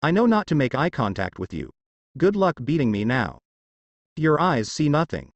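A man's voice: on the high side, very animated, normal speed, no echo, highs cut off. A man voicing a cold, confident enemy fighter in a fan story reading, threatening his foe. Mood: taunting.

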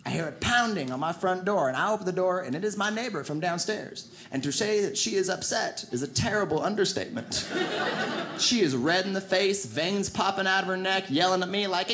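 A man doing a stand-up comedy set, telling animated stories and putting on voices for the people he quotes. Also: high-pitched, brisk. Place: theater stage before a laughing audience. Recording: loud audience noise.

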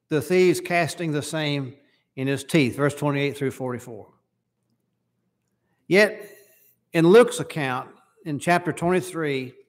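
Man, preacher, fairly high voice, church sermon, reads scripture aloud, asks the congregation questions. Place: church service.

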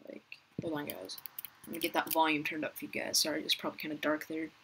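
A young woman giving casual gameplay commentary, chatty and talking to viewers and other players, her voice rough as she keeps clearing her throat. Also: low voice, little pitch movement, fast talker, a bit bright, a little hiss or hum, rough recording. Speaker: gaming youtuber.

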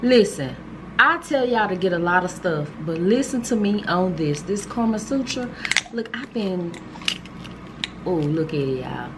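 A woman's voice: lowish voice, lively intonation, a little slow, background noise. A woman, chatting casually and gushing to viewers as she unboxes gifts for her vlog, filmed on a handheld camera. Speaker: vlogger.

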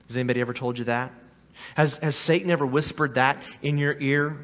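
A man's voice: medium pitch, fairly even intonation, brisk, a bit bright, in a large hall. A man preaching as a pastor in a church sanctuary, earnest and often repeating or restarting his words. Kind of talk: sermon.

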